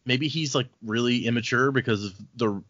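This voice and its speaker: A man's voice: mid-range voice, normal speed, a bit bright, no echo. Man, podcast co-host, casual book chat, joking, dry close mic, slightly dull sound. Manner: playful, quotes characters in silly voices.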